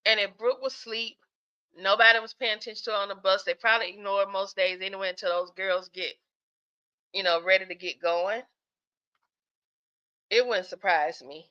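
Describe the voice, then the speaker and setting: A woman's voice: medium pitch, steady tone, normal speed, pauses often, sharp tone, highs cut off. A woman hosting a live stream, chatting casually with viewers about skits, sleepy and yawning as she talks. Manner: chatty, talks straight to the chat, laughs often.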